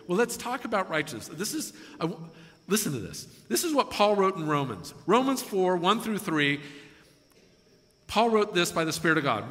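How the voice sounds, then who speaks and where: A man preaching a sermon to a congregation, animated and acting out quoted voices with chuckles. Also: sits high, normal speed. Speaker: pastor. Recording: long hall reverb.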